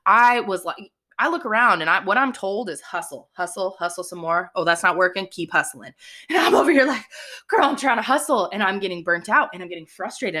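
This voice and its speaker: A woman hosting her own podcast, talking casually and excitably to listeners, with lots of fillers and quick "okay?" asides. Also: medium pitch. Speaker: podcast host. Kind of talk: casual solo podcast talk.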